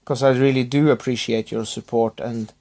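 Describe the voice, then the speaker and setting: A man's voice: mid-range voice, fairly even intonation, darkish tone. Subdued man rambling to his viewers. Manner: subdued, halting, apologetic, with many restarts. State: recovering from illness. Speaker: YouTuber thanking subscribers. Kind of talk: rambling personal vlog.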